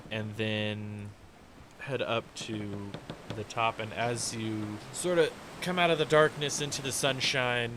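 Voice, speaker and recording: A man narrating a tabletop game as game master, describing scenes in a relaxed, rambling way. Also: medium pitch. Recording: noisy home recording.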